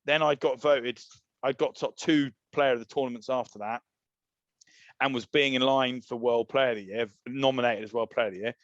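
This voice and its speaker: A man's voice: mid-range voice, moderate pace, dry recording, muffled recording. A man with an English accent, a podcast guest telling long, laddish stories in casual chat. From England. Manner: rambling, laddish, animated storyteller. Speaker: podcast guest, former rugby player.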